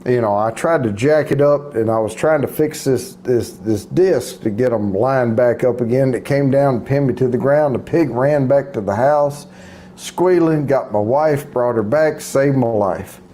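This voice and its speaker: A man's voice: medium pitch, moderate pace, dark tone, slight background noise. A man telling a long joke in a casual chat, rambling through restarts and asides.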